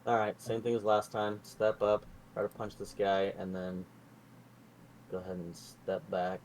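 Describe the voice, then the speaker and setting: A man's voice: lowish voice, completely flat delivery, a little slow, a little mellow, a little hiss or hum. A man playing a tabletop game, chatting about his moves in a laid-back, upbeat way. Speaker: player. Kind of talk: casual tabletop game chat.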